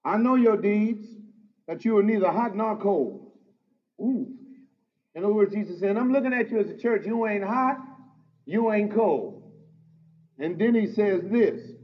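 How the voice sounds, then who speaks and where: High-pitched emphatic preacher man. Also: measured pace, pauses often. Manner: emphatic preaching, swinging from loud exclamations to low intimate asides. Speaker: pastor. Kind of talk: sermon. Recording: dull lo-fi sound.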